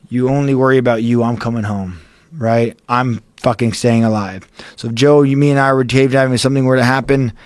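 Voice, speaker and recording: A man's voice: mid-range voice, a little mellow, no echo. A man on a podcast telling a cave-diving ordeal, swearing often and stopping and restarting as he goes. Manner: intense, profane, halting retelling. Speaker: podcast guest. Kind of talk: storytelling in casual chat.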